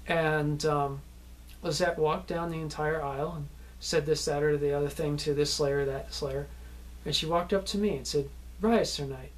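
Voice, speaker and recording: A man, an actor, casually telling behind-the-scenes stories from a film shoot, rambling with many fillers and restarts and often laughing. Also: a little high. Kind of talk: casual anecdotal storytelling.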